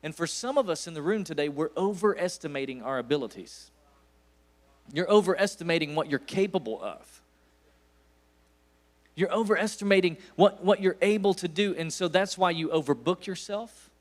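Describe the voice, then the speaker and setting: East Tennessee-accented preacher, higher-pitched man. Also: expressive, moderate pace. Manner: folksy storytelling, rising to emphatic bursts. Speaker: guest pastor. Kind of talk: sermon.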